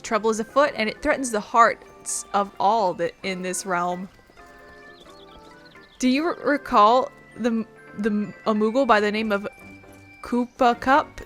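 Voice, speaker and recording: Woman reading a flowery courtly noblewoman for a game, fairly high voice, faint music behind. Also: a bit bright. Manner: flowery, theatrical, old-fashioned speech. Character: grand courtly noblewoman, an emissary of love.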